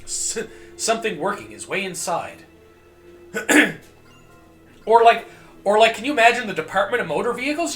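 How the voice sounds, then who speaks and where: A man streaming a video game, rambling and joking with profanity, often coughing and clearing his throat. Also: sits high, sing-song, moderate pace, pauses often, fairly bright tone, roomy sound, faint music behind. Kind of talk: casual gameplay commentary.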